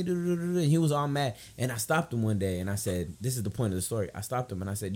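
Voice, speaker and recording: A young man hosting a casual podcast, telling a story with lots of profanity and dropping into a low, confiding tone. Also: very fast, hardly any pauses, darkish tone. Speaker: podcast host.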